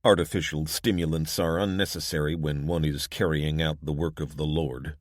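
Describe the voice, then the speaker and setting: Audiobook: man as a pompous, stilted male recruiter, very low voice, dry sound. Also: steady tone, moderate pace, no room sound. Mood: formal. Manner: formal, stilted, preachy.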